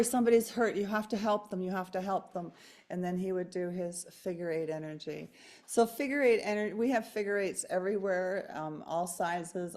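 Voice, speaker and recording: A woman's voice: fairly low pitch, a little mellow. A middle-aged woman hosting an online workshop, talking enthusiastically and laughing often as she tells stories. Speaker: host.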